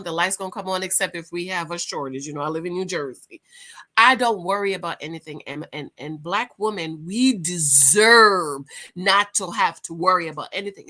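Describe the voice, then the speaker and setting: Middle-aged woman vlogger, lively storyteller, sharp tense tone, casual talk to camera. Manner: animated storyteller, big swings in pitch and loudness. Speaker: channel host. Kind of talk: casual vlog monologue.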